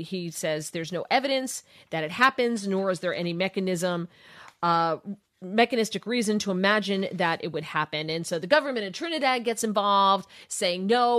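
A woman hosts a political talk radio show. She recaps the news in a sarcastic, opinionated way. Her voice sits at an ordinary pitch for a woman. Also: a bit bright.

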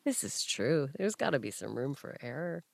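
Woman, podcast host, lively and jokey, lowish voice, dry recording. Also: normal speed, creaky, no echo. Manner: animated, jokey storytelling with playful voices. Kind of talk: casual chat.

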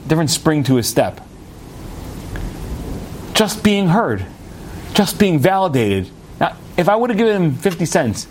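Animated American man telling stories. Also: high-pitched, a little hiss or hum. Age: young adult. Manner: animated, chatty, with frequent restarts and asides. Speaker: rabbi. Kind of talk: storytelling Torah talk.

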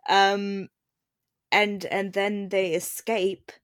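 A woman's voice: mid-range voice, little pitch movement, extremely slow, no echo. A woman critic chatting on a podcast with a middle-range voice, recorded dry and close with no room sound. She giggles through her recaps and slips into playful character voices. The talk is loose and conversational. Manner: giggly, acts out characters' lines. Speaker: podcast guest, film critic. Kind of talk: casual podcast chat.

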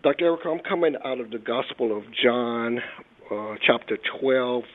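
A man's voice: medium pitch, moderate pace. Polite male caller on tinny phone line. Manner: polite, reads a verse aloud. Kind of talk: call-in question.

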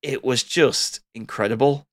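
A man's voice: medium pitch, measured pace, dry recording. A man reminiscing in a casual podcast chat, rambling and enthusiastic. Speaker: podcast co-host.

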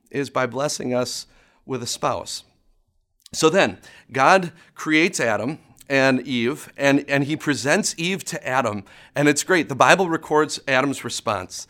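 A man's voice: fairly high pitch, a bit bright. A man preaching a conversational sermon, often restarting words and chuckling as he talks.

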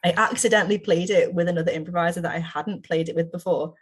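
Woman, improv performer, low voice, husky tone, eager casual chat. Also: fairly even intonation, quick pace. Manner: chatty and enthusiastic, laughs often.

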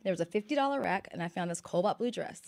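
A woman journalist, a guest on a chat show, recounting her interviews in a brisk, animated way. She talks fast and keeps the story moving. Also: mid-range voice, creaky. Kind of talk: casual chat.

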